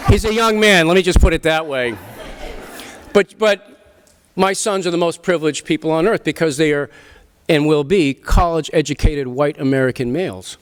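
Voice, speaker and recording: A man's voice: fairly high pitch, normal speed, clear, resonant tone. Emphatic middle-aged man, New speech. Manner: emphatic, expressive, swears casually, frequent restarts. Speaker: author speaking at a literary festival. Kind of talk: animated talk and Q&A. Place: festival venue before an audience.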